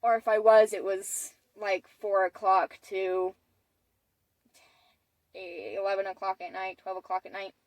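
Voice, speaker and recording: A woman's voice: mid-range voice, flat delivery, a little slow, pauses often, a little mellow, no echo, rough recording. A woman of about twenty telling a personal story in a chatty way, with many fillers and restarts. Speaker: vlogger. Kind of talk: casual storytelling.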